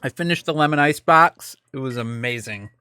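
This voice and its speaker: A man in his thirties co-hosts a casual live stream, joking dryly and talking through mouthfuls of food. His voice is bright and smooth. The sound is dry and close, with no room around it. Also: mid-range voice, moderate pace, dry recording. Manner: wry, joking, talks while eating. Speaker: podcast co-host.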